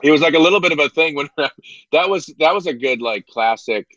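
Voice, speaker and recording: Bright-voiced actor on a muffled mic. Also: male voice, fairly high pitch, expressive, dry recording. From Indiana, United States. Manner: self-deprecating, halting with restarts and fillers. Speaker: actor guest. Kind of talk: casual podcast chat.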